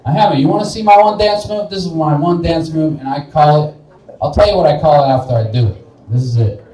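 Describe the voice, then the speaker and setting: On a small bar's live stage, a young stand-up comedian from Wichita, Kansas speaks in a slightly high, dark voice. His set rambles and is self-deprecating, he often laughs at his own jokes, and the echoey bar room picks up his voice from a distance.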